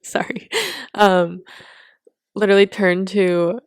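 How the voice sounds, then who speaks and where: A woman's voice: mid-range voice, slow, clear, resonant tone, no room sound. Young woman telling stories in a dry room. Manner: animated storytelling, laughs often. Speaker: podcast co-host. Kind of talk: casual chat.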